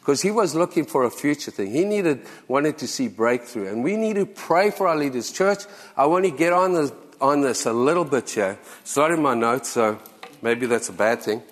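Pastor preaching in a church hall. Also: male voice, medium pitch, lively intonation, moderate pace. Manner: earnest, exhorting, repeats for emphasis. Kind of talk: sermon. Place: church sanctuary.

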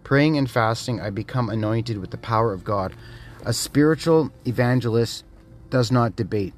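A man's voice: medium pitch, moderate pace. A man hosting a podcast, speaking in an emphatic, declarative casual monologue that repeats short phrases. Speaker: podcast host.

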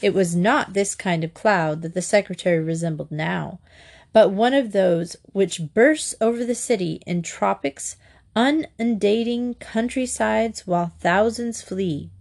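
A woman narrating a comic novel in a wry, expressive audiobook reading. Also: medium pitch, measured pace, creaky.

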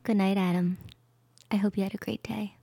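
A woman doing a whispered role-play, softly whispering sweet goodnight wishes in a breathy voice. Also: mid-range voice, flat delivery, normal speed, dry recording. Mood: tender.

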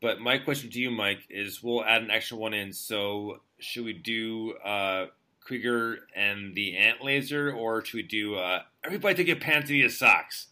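A man's voice: fairly low pitch, normal speed, bright, forceful tone. A man hosting a music radio show, chatting casually with a rambling, laid-back manner and plenty of fillers. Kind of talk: casual chat.

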